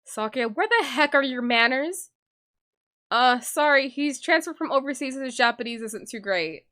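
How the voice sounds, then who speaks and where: A woman's voice: high-pitched, expressive, normal speed, sharp tone, pitched above the performer's own voice. A woman voicing a polite, eager young male student in a game, speaking in an apologetic way over music. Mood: earnest.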